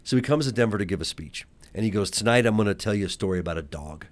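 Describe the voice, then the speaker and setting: Fast-talking man telling a story. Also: on the low side. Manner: animated storyteller, quick and emphatic. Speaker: podcast guest, speaker. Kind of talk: casual storytelling chat. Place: podcast studio at a table.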